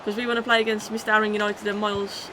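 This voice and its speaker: A woman livestreaming a football video game, chatting with her viewers and shouting at the match as it plays out. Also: medium pitch, very fast, a little hiss or hum. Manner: excitable, shouts at the game, then chats casually. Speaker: gaming streamer. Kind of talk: live game commentary and chat reading.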